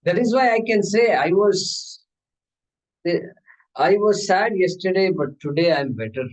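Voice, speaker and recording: A man's voice: high-pitched, measured pace, low-quality recording. A man teaching a scripture class, conversational and playful, asking rhetorical questions and acting out little scenes. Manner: animated, playful, acts out dialogues, asks rhetorical questions.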